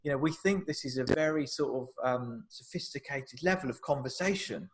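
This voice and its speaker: A man's voice: mid-range voice, a little fast, slight background noise. A man who directs and produces films, telling behind-the-scenes stories animatedly in a live Q&A, acting out quotes and often restarting sentences. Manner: animated storyteller, acts out quotes, frequent restarts. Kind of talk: live Q&A conversation.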